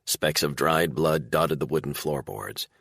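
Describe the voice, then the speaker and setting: A man narrating a crime thriller audiobook in a measured, dramatic reading. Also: very deep voice, creaky, fairly bright tone, no echo, studio quality. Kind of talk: scripted narration.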